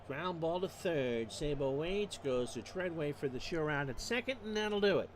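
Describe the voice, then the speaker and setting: A man's voice: a little high, expressive, a little hiss or hum. Stat-heavy male baseball announcer. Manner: measured, stat-heavy, dry asides. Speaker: play-by-play announcer. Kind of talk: replay baseball commentary.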